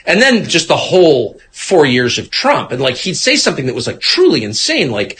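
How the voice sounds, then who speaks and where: A man's voice: medium pitch, fairly quick, few pauses, slight background noise. Sardonic man in his fifties. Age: 50s. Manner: animated and sardonic, mimics other people mid-sentence. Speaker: interview guest. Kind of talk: casual conversation.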